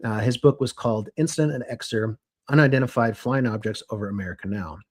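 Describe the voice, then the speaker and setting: A young adult man co-hosting a podcast, telling a story from his notes in a lively, casual way with frequent restarts. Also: mid-range voice, fast talker, slightly rough. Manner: animated, restarts and self-corrections. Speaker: podcast co-host.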